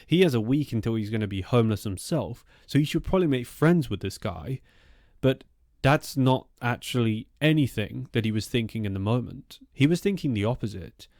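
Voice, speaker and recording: A man's voice: mid-range voice, animated, a little fast, darkish tone, dry recording, studio quality. A man narrating an eerie true-life story in a loose, conversational way, with asides and fillers.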